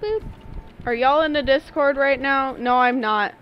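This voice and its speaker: A woman's voice: sits high, normal speed, lo-fi sound, faint music behind. A woman in her twenties chatting casually and slangily as she streams a game. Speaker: live streamer. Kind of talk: casual chat while gaming on stream.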